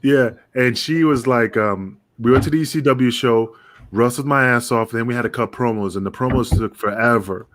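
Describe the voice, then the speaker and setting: Animated New storyteller man. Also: mid-range voice, normal speed. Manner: animated, acts out quoted voices, swears freely. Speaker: podcast guest, pro wrestler. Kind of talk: casual storytelling chat.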